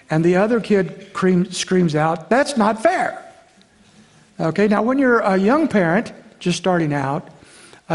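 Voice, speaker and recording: Preaching as pastor, this man speaks in a high-pitched, slightly mellow voice, earnest and direct. He frequently restarts his phrases and addresses his listeners as folks.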